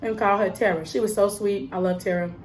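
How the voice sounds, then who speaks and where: A young woman telling a story in a casual, animated vlog style, emphatic and full of fillers. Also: medium pitch, a little fast, a little hiss or hum. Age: young adult. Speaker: vlogger and cosmetics counter worker.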